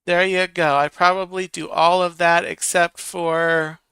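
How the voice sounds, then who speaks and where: A man's voice: high-pitched, level tone, a little slow, vocal fry, bright, forceful tone, clear, resonant tone, dry recording. A man hosting a livestream, musing aloud in casual chat and correcting himself as he goes. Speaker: livestream host. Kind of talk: casual live-chat talk.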